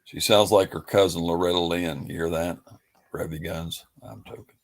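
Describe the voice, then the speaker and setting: A man's voice: low voice, steady tone, normal speed. A man hosting a livestream, talking in a rambling, folksy, laid-back way. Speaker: livestream host. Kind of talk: casual livestream chat.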